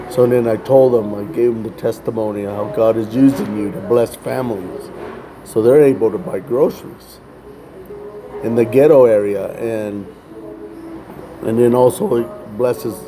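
A man telling a religious testimony as a story, halting and often repeating words as he goes. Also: medium pitch, dark tone, low-quality recording. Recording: music playing behind voice.

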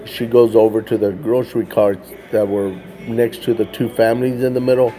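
A man telling a story casually, lively and full of "like" fillers, with soft music faintly behind him. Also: fairly low pitch, moderate pace. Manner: animated, acts out the children's voices, frequent "like" fillers. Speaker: ministry worker telling a story.

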